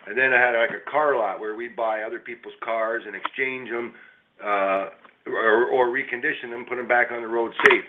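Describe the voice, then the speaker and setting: A man's voice: mid-range voice, fairly even intonation, normal speed. A middle-aged man, a small business owner, telling a long rambling story in casual chat, swearing freely. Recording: tinny phone-like line, faint hiss.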